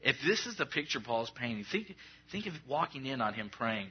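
A man's voice: medium pitch, big pitch swings, a little fast, muffled recording, slight background noise. A man preaching a sermon as a pastor, in a conversational, joking way, acting out little prayer scenes.

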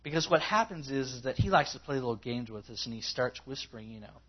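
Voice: mid-range voice, lively intonation, fast, hardly any pauses. A preacher giving a conversational sermon, telling the story with many asides, in a dull lo-fi recording.

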